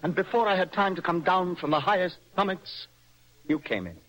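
A highly strung young poet in a radio play, his voice light, bright and a little breathy. He swings his pitch widely as he moves between dreamy musing and impassioned outbursts. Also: animated, a little fast, poor audio. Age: young adult. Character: young man, a nervous, passionate poet. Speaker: romantic rival. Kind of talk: old-style radio drama acting.

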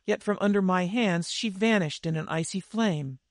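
A man's voice: sits high, normal speed, no room sound, studio quality, lightly acted. A man reading the lines of a dazed, hardened barbarian warrior in a storybook.

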